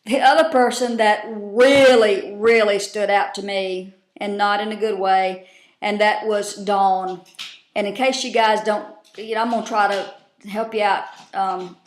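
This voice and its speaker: A woman's voice: mid-range voice, steady tone, unhurried, reverberant. A woman casually recapping a TV episode, salty and profane, with drawling asides, at home. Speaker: vlogger recapping a TV show.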